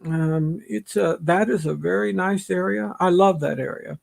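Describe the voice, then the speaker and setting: A man hosting a livestream, chatting casually and greeting viewers by name in a slow, rambling, friendly way. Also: high voice, creaky. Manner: slow, rambling, friendly shout-outs to chat. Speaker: livestream host.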